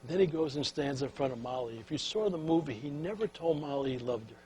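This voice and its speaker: An older man giving a talk on leadership, telling a story in a folksy, animated way and sinking to a soft, hushed voice at the tender moments. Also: fairly high pitch, quick pace, slight background noise, rough recording. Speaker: speaker on leadership.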